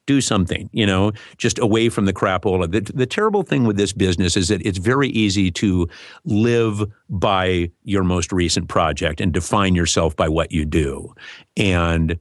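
A man's low, dry voice, recorded close with little room sound. He is a voice actor being interviewed and talks casually, cracking jokes and rambling through plenty of fillers. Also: normal speed, dry recording. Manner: joking, rambling, many fillers. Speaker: voice actor guest.

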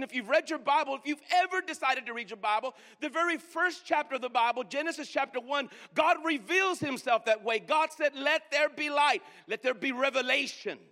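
A man preaches in a high, bright voice, slowing down to stretch out the words he wants to land. He calls on the congregation to answer him back. His voice rings out through a large hall with a long reverb. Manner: preaching with call-and-response and drawn-out emphasis. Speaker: pastor. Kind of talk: sermon. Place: church sanctuary.

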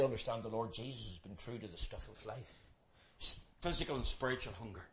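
A man preaching an evangelistic sermon, emphatic and repeating words as he builds, swinging between loud and soft passages. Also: lowish voice, a little fast. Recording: loud background noise.

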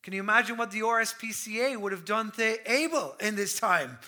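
A man in his thirties preaching a sermon with passion, swinging from loud declarations to hushed near-whispers. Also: high voice, animated, brisk.

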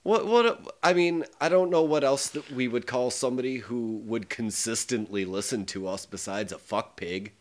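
A man's voice: mid-range voice, normal speed, hardly any pauses. A man co-hosting a podcast in casual chat, wry and joking, with some swearing. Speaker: podcast co-host.

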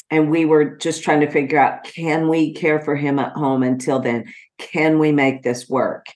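A middle-aged woman hosting her own podcast, talking slowly and gently with many pauses as she reflects on her personal life. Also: deep voice. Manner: slow, gentle and heartfelt, with frequent pauses and fillers. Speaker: podcast host.

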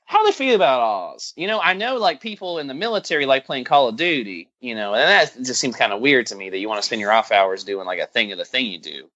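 Sarcastic rambling man, bright and dry. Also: medium pitch, animated, fast, few pauses, no echo, lo-fi sound. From American South. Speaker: podcast host. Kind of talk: casual movie-review chat.

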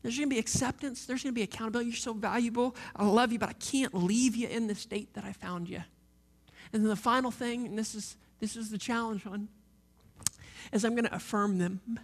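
A man in his thirties delivers a sermon with a fairly high voice. He preaches with passion, hammering points through repetition and sinking from loud emphasis to hushed, near-whispered lines. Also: fairly even intonation, a little fast. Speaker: pastor.

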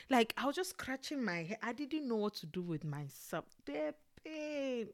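A young adult woman telling a personal story in a casual, expressive way, with frequent exclamations. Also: fairly high pitch, moderate pace, hardly any pauses. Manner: animated and expressive, with exclamations and laughter.

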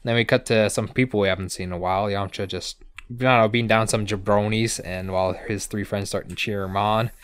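A man co-hosting a podcast, recapping episodes in casual chat with sarcastic asides, casual swearing and quick put-on character lines. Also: fairly low pitch, steady tone, clear, resonant tone.

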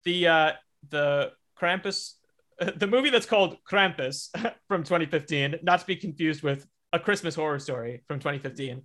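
A man's voice: a little high, moderate pace, bright, forceful tone. A man co-hosting a casual podcast chat, talking in a loose, rambling way. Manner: rambling, hesitant, lots of fillers and restarts. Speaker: podcast co-host.

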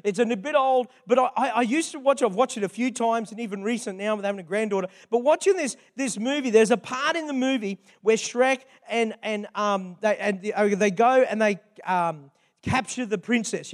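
An older man, a grandfather and pastor, preaches a sermon in a chatty, conversational style with frequent asides. He speaks at normal speed in a high-pitched voice.

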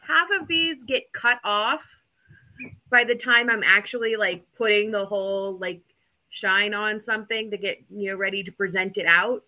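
A woman's voice: on the high side, sharp tone. A woman co-hosting a casual podcast, chatty and rambling with plenty of fillers. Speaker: podcast co-host. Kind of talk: casual chat.

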